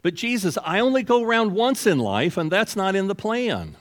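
A man's voice: on the high side, huge pitch swings, slow pace, clear, resonant tone, pitched above the performer's own voice, full character voice. A man voicing a reluctant churchgoer who whines and pleads in a raised voice. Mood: whiny protest. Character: middle-aged man reluctant and whiny.

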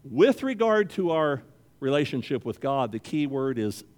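A man of middle pitch delivers an earnest sermon as a pastor, acting out the voices of people in his stories. His voice rings with a long hall reverb, as in a church sanctuary. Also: normal speed. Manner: earnest, acts out voices in stories with lively shifts.

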